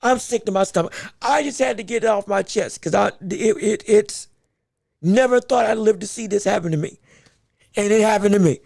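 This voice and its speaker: A man hosting a podcast, in an animated, exaggerated sports rant that swings between playful fury and laughter, often stumbling over his words. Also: sits high, fairly quick, creaky, faint music behind. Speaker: podcast host.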